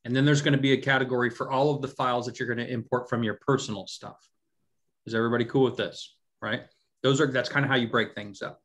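A man's voice: mid-range voice, fairly even intonation, fast talker, a bit bright. A man teaching a live coding lecture to a class. He talks casually and keeps checking in with the students. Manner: conversational, often checks in with the class. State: has hiccups. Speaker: instructor.

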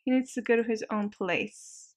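A woman giving casual let's-play game commentary, chatty and excitable, quick to laugh. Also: on the high side.

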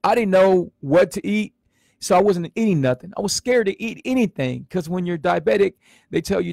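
A man's voice: sits high, animated, normal speed, creaky, darkish tone, no room sound, clean studio sound. A man in his forties talking in a casual livestream, earnest and emotional, who repeats himself and stumbles over his words. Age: 40s. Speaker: vlogger sharing his health story on a livestream.

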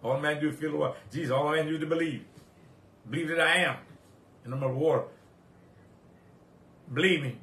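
A man preaches a sermon in a church sanctuary. His voice is bright and pointed, sits a little high for a man, and rings through a reverberant room. He repeats phrases over and over, and the volume climbs whenever he quotes old-style scripture. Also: a little fast, long pauses. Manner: swings between quiet reflection and loud rising exhortation.

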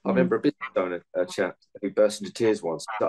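A man's voice: fairly low pitch, fast talker, a little mellow, rough recording. A man, a meditation and martial arts coach, giving earnest interview answers full of anecdotes from his coaching.

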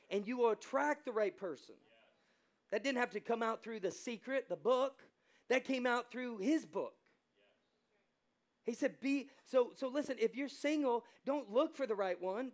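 Male pastor, american accent, fervent sermon delivery, acts out quoted voices, high voice. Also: measured pace. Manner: fervent, swinging from soft asides to loud exclamations.

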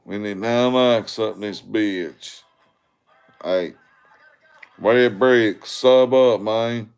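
A man's voice: fairly low pitch, drawn-out words, darkish tone, clear, resonant tone, faint music behind. A man hosting a casual walking livestream on his phone, rambling crudely at viewers and begging for likes. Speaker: livestream host.

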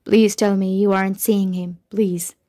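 A woman's voice: mid-range voice, little pitch movement, unhurried, warm tone, dry recording, clean studio sound, natural voice. A woman reader voicing a pleading, remorseful young husband, in a lightly raised voice.

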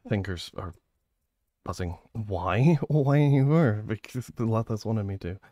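A man's voice: lowish voice, lively intonation, takes it slowly, warm tone, no room sound, highs cut off. Giggly, flustered young man streaming. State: shaky with adrenaline. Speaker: livestreamer. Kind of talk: casual live-stream chat.

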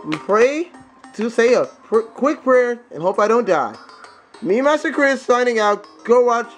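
A young man with a high voice that swings wildly in pitch, commentating his gameplay. He swears freely, yelps, and talks straight at the enemies on screen. Game music plays clearly under his voice. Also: a little slow. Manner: excitable, profane, talks to enemies. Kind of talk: let's play commentary.

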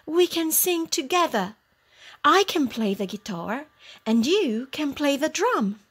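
A woman's voice: high voice, very animated, slow pace, a bit bright, voice pushed up, full character voice. A woman voicing a kind, friendly old male donkey in a children's storybook reading.

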